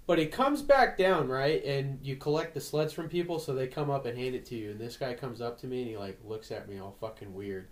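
Blunt man telling a work story. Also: medium pitch. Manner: blunt, profane, drawn-out anecdote. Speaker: podcast co-host. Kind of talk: casual crude chat among friends.

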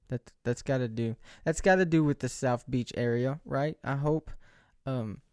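A man in his late twenties vlogs indoors under bright lights, speaking in a medium-pitched, darkish voice with a clear, resonant tone. The recording is dry and studio quality. In this casual monologue, he rambles, jokes at his own expense, and restarts often.

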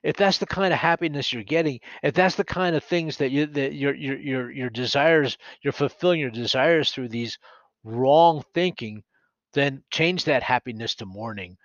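An earnest man teaches scripture on a podcast in a mid-range voice. He reads verses aloud with animated emphasis and trips over his own sentences now and then. The sound is dry and a little muffled. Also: mid-range voice, normal speed, no room sound. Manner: earnest, animated, self-deprecating, with restarts. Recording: dry, slightly dull recording.

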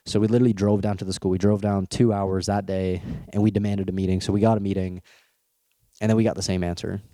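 Deep-voiced young man telling his story. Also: fast, no room sound, studio quality. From Canada. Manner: candid, laughs often, repeats words when excited. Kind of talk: casual personal storytelling.

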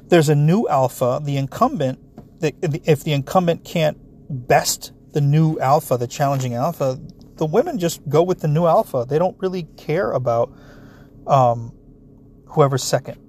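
A man in a blunt, profane ranting monologue, talking straight at his listeners with heavy swearing. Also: a little high. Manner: animated, talks straight at listeners. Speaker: solo commentator.

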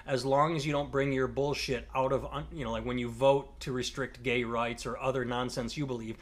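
Male comedian, casual podcast chat, rambling, swears a lot, builds into rants, mid-pitched voice. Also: moderate pace, hardly any pauses. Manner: rambling, profane, heats up into rants.

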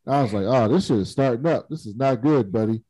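A man's voice: medium pitch, quick pace, warm tone, no echo, rough recording. A man in casual chat, animatedly retelling a TV episode and acting out the characters' lines. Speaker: podcast co-host recapping a TV episode.

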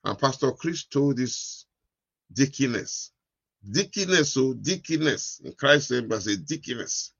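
A man's voice: mid-range voice, expressive, measured pace, creaky, fairly bright tone, slightly rough, no echo, lo-fi sound. A man pastor delivering a sermon, repeating his lines for emphasis. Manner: repetitive, emphatic preaching.

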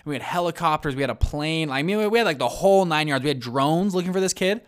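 A man telling a story in a casual interview, lively, with lots of fillers and restarts and acted-out quotes. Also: a little high, quick pace. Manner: animated, many fillers and restarts, acts out quotes. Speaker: guest recounting a search-and-rescue story.

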